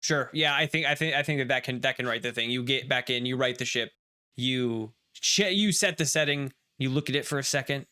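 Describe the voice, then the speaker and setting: Bright, crisp man running a tabletop game. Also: medium pitch, a little fast. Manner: lively narration with frequent restarts. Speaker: game master.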